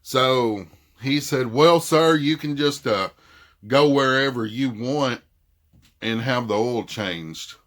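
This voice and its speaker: Middle-aged southern guy, slow drawl, telling how a shop did him wrong, quoting both sides. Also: mid-range voice, fairly bright tone. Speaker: vlogger. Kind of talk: casual storytelling.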